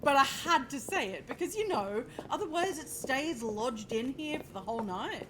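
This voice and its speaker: Game music and other background noise surround this woman's high, lively voice, which moves at a moderate pace through a webcam mic. Streaming gameplay live, she banters with chat, cracking jokes and cursing casually.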